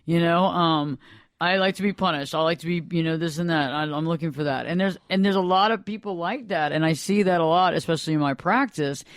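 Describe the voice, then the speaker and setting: A man who is a therapist and podcast host, explaining in a rambling, animated way in casual radio talk. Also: a little high, brisk, clear, resonant tone, no room sound, studio quality.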